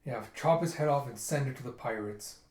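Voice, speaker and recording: A man recaps a comic chapter in an easy, casual way. He keeps breaking into little voices for each character, so the retelling sounds animated. His voice sits at an average pitch and carries the echo of a roomy space. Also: fairly quick. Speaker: manga reviewer reading aloud. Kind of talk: casual manga readthrough.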